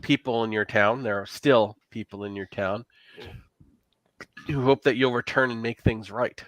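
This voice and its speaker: A blunt, wry pirate who smuggles fugitives to safety, as a game master puts him on. His voice is bright and forceful, recorded dry and close. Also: medium pitch, moderate pace, dry recording, natural voice, low-quality recording. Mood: earnest.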